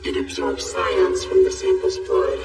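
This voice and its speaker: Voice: extremely high pitch, monotone, unhurried. An actor voicing an eerie researcher who speaks of experiments in a cold, clinical manner, in an anime dub. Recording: distant voice, echoey, music behind.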